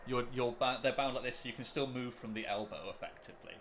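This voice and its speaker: Bright-voiced man running a tabletop game. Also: medium pitch, steady tone, fast talker, slight background noise. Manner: hesitant, lots of ums and restarts. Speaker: game master.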